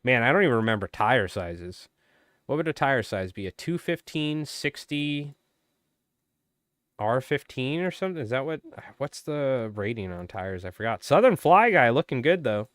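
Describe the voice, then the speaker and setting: A man with a smooth, round voice that is wearing hoarse, calling a race like a playful sportscaster on a live stream. He talks close to the mic in a dry, dead room. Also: medium pitch, animated, moderate pace, fairly bright tone, dry recording. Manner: playful sportscaster-style play-by-play of a marble race. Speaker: fly tying live streamer.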